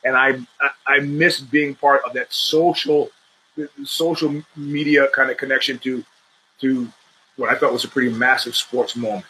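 A man with a mid-range voice speaks at a moderate pace in a pushed, bright tone, recorded poorly with slight background noise. Hosting his own show, he rambles through fight predictions in an opinionated, profane sports monologue. His streetwise talk often restarts mid-sentence.

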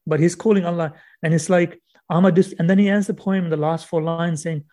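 A man's voice: a little high, fairly even intonation, dark tone. Earnest man explaining poetry. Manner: earnest, repeats words while thinking, reads verse slowly. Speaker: guest author. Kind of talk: podcast interview, explaining poetry.

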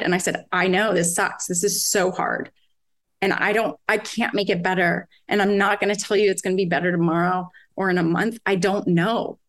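A woman in her forties, a mother talking earnestly in casual conversation, rambling with restarts and many fillers. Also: fairly low pitch. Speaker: podcast guest, mother.

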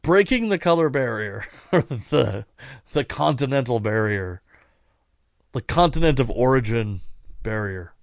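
A man's voice: mid-range voice, animated, measured pace, gravelly, no echo, studio quality. A man hosting a podcast alone, talking in a rambling way with wry asides and frequent self-corrections, and he sounds tired. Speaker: podcast host. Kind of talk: casual solo podcast monologue.

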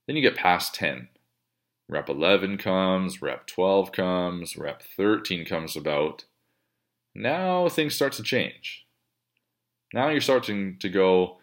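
A man's voice: deep voice, a little slow, fairly bright tone. A man coaching and explaining training states in a casual, conversational way, swearing freely and acting out an athlete's inner thoughts.

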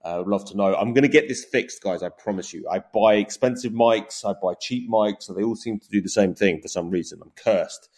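A man's voice: lowish voice, fairly quick, hardly any pauses, darkish tone. A British man hosting a casual political podcast, rambling and self-deprecating, with lots of fillers and restarts, on a home podcast mic. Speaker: podcast host. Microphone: home podcast mic setup.

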